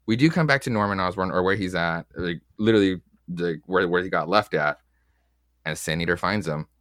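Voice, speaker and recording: A man's voice: on the low side, a bit bright, dry recording, clean studio sound. A man casually recapping comic book issues with his co-hosts, rambling and swearing freely as he acts out the lines. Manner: rambling, loose, swears often, acts out quotes. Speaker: podcast co-host.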